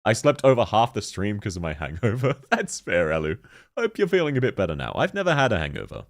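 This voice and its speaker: Lively-voiced joking male game streamer. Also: on the low side, fast. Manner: joking, laughs often, reads chat aloud. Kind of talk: casual live-stream chat while gaming.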